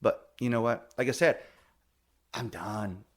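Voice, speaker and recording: A man's voice: mid-range voice, a little slow. A middle-aged man hosting a podcast, venting in casual chat, blunt and heated, swearing freely and getting defensive. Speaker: podcast host.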